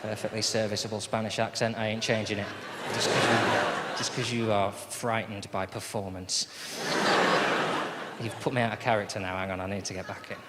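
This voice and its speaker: A man's voice: on the low side, level tone, brisk, heavy background noise. A man doing a live stand-up routine on a theatre stage, grumbling and sardonic as he tells a story into a handheld mic. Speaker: stand-up comedian and host. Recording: echoey hall, loud audience laughter.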